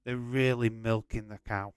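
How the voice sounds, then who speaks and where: A man's voice: on the low side, fairly even intonation, normal speed, smooth, no room sound. A man hosting a casual live watch-along stream, chatting loosely with frequent swearing and rambling restarts. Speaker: livestream host.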